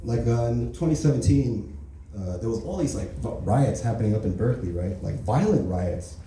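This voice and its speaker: A man's voice: medium pitch, animated, moderate pace, dark tone, a little hiss or hum. A man doing an open mic stand-up set, talking casually and profanely and checking in with "right?" and "you know?" after his lines. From Korean heritage. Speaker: stand-up comedian. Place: comedy club open mic. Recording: echoey room, mic heard from a distance.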